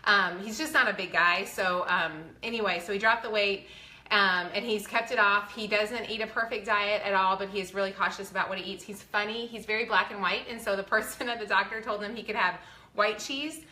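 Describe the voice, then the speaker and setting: A woman's voice: medium pitch, steady tone, brisk, bright, forceful tone, roomy sound. A woman, talking earnestly and chattily to her viewers, close to tears, with a faith-filled manner. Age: 40s. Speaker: vlogger. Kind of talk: casual heartfelt talk to viewers.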